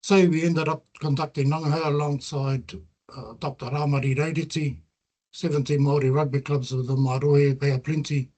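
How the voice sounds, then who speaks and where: A man's voice: a little high, flat delivery, brisk, warm tone. A middle-aged man with a New Zealand accent gives an earnest, reflective presentation about his research. He weaves Māori terms into his English. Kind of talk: presentation talk with slides.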